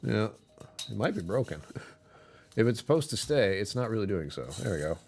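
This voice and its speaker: A man's voice: fairly quick, vocal fry, slight background noise. A man hosting a casual livestream, rambling and self-deprecating as he chats with viewers and chuckles often. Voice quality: deep voice that sometimes drops even lower. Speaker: live streamer hosting his channel.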